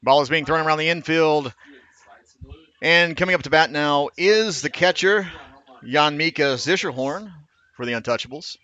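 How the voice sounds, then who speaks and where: Bright-voiced baseball play-by-play man. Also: fairly high pitch, dull audio. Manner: steady measured calling with small self-corrections. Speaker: play-by-play announcer.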